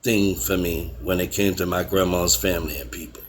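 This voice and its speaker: Man in his 40s, lowish voice, chatty storytelling, acts out quotes. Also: brisk, slight background noise. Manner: animated, acts out quotes with raised pitch. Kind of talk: casual storytelling chat.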